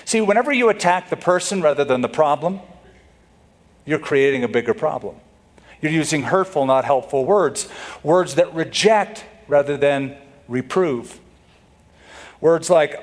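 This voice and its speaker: A man preaching a sermon with an animated delivery, slipping into mock voices for quotes. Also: a little high, unhurried, long pauses. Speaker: pastor.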